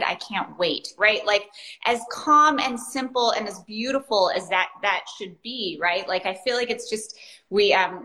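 A woman's voice: medium pitch, a bit bright, low-quality recording. A woman podcast host and coach in casual chat, effusive and enthusiastic, laughing easily.

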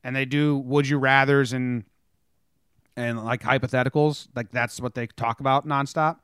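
Rambling podcast co-host, dry close mic. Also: male voice, medium pitch, steady tone, normal speed, a bit bright, clear, resonant tone, no room sound. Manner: rambling, self-interrupting. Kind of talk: casual sports chat.

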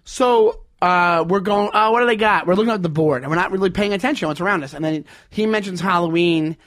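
A man co-hosting a podcast in casual chat, telling stories with lively acted-out quotes. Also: high-pitched, fast talker. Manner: animated storyteller, acts out quotes loudly. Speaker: podcast co-host.

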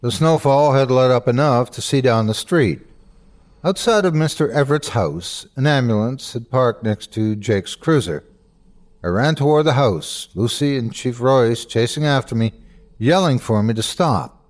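A man hosting and narrating a scripted horror story with a measured, suspenseful delivery. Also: medium pitch, animated. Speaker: host and narrator.

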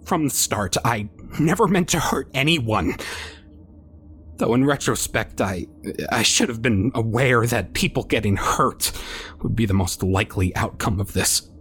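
A man's voice: medium pitch, animated, a little slow, a bit bright, faint music behind. Stammering young man narrating wryly. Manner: stammering, wry, nervous teen persona. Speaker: narrator, voice performer. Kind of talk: first-person horror story narration.

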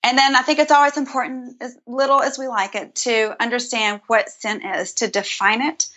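A woman in her thirties, an interview guest, telling her story earnestly and warmly with soft restarts. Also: a little high, steady tone, normal speed, highs cut off. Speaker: podcast guest, creator of a Bible study method. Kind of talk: casual conversational interview.

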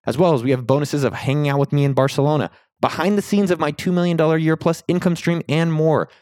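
A man hosting a podcast, talking in an upbeat, excitable, salesy way, then chatting casually with his guest. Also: quick pace, no echo, studio quality. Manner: upbeat, salesy, excitable delivery with sudden pitch jumps. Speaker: podcast host. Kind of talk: energetic podcast intro and casual interview.

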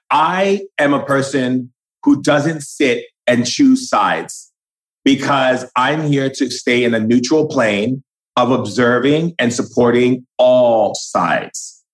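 A man's voice: medium pitch, rough recording. A man speaking as a spiritual guide in an impassioned, preachy way, acting out quoted conversations.

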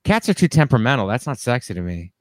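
A man, a comedian guest on a podcast, telling rambling deadpan stories with fillers. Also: mid-range voice, quick pace, no echo, clean studio sound. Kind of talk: casual comedic podcast banter.

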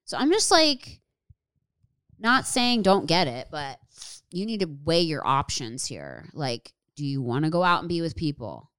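A young woman co-hosts a podcast in a relaxed, chatty way, swearing casually and acting out quotes as she goes. Her voice sits low and sounds smooth and clear. The sound is dry and close. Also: a little slow, no room sound. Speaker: podcast co-host. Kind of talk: casual chat.

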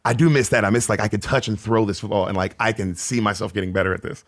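A man in his thirties from Memphis, a comedian guest rambling through animated stories in casual podcast chat, full of restarts. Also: on the low side, quick pace. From Memphis, Tennessee. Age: 30s.

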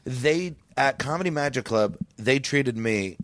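A man's voice: mid-range voice, a little slow, no echo. A man who is a stand-up comedian, chatting casually as a podcast guest and swearing now and then. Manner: relaxed, conversational, casual swearing. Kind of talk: casual chat.

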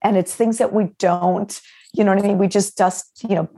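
A woman guests on a podcast, speaking candidly at normal speed in a medium-pitched, steady, mellow voice with some roughness as it starts to give out. She rambles in long runs, restarting often and using lots of fillers.

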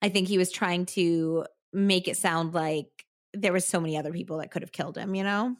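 A woman's voice: on the low side, steady tone, brisk, dry recording, clean studio sound. A woman hosting a podcast, telling a true crime story in a casual way that often breaks into laughter. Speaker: podcast host.

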